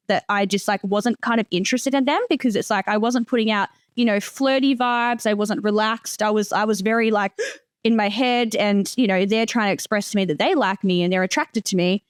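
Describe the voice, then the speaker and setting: Smooth-voiced frank woman host. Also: mid-range voice, no room sound, clean studio sound. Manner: frank, chatty, swears casually. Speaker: podcast host. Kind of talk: casual podcast interview.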